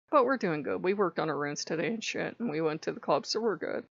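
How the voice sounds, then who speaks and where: A woman's voice: mid-range voice, animated, moderate pace, no echo, lo-fi sound. A woman vlogging in a casual chat, blunt and laughing often as she swears freely, recorded on a camera's built-in mic.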